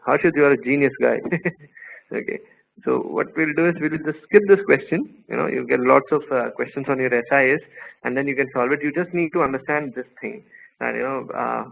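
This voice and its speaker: A man's voice: mid-range voice, vocal fry. A man teaching a law class online, telling playful stories and quizzing his students. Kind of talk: live online class lecture. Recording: tinny phone-like line, faint noise.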